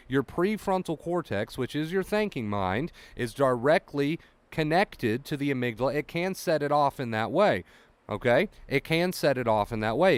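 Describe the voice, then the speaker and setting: A man's voice: medium pitch, smooth, no echo. A man talking as an anxiety recovery coach, giving a blunt motivational monologue. He swears freely and repeats his points. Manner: blunt, profane, repetitive.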